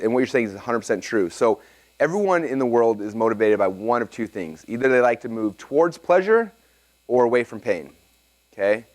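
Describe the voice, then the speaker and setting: A medium-pitched man presents a live seminar, teaching an audience and fielding their questions. He's energetic and excitable, frequently checking in with "okay?".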